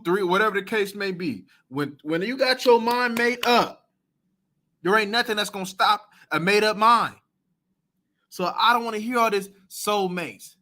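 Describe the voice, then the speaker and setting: A man speaks in casual while reacting to a video. His voice sits high and sounds bright and keen. He drawls slowly and swings between loud disbelief and low, muttered asides. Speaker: reaction channel host.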